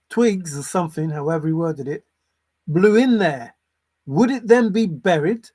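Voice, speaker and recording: A man with a husky voice on the high side gives off-the-cuff solo commentary while treasure hunting for his vlog. He's exasperated and sarcastic, cursing and repeating phrases for emphasis.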